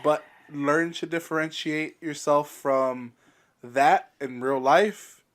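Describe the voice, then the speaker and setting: A man's voice: fairly high pitch, steady tone, fairly bright tone. A man with a slightly raised voice co-hosts a comedy podcast. He drops short, teasing comebacks and laughs easily, keeping the banter moving. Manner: quick teasing interjections, laughs often. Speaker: podcast co-host. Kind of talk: casual comedic chat.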